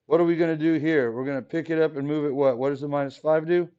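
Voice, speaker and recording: A man teaching math to a classroom, his voice a little high for a man. He talks casually, cracks small jokes and keeps asking the class questions. The recording is dull and lo-fi, as if taken from the back of the room. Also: fairly even intonation, quick pace, warm tone, clean tone. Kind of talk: classroom lesson.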